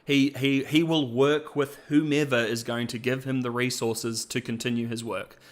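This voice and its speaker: A man's voice: medium pitch, level tone, normal speed. A man hosting a podcast and reviewing characters in a chatty, jokey way. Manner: chatty and jokey, with playful asides. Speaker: podcast host. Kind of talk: casual podcast-style review.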